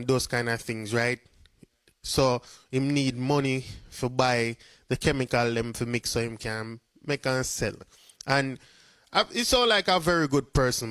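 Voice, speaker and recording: A man's voice: medium pitch, a bit bright, clean tone, no echo. A man with a Jamaican accent giving casual commentary, talking in a chatty way and dropping into patois. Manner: chatty patois, frequent "you see me". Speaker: vlogger.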